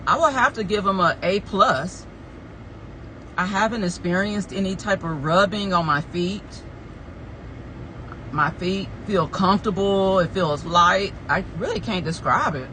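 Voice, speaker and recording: A woman's voice: medium pitch, a little slow, a bit bright, slight background noise, poor audio. A woman chatting casually to her phone camera in a day-in-the-life vlog, rambling from one thought to the next. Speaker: vlogger and small business owner.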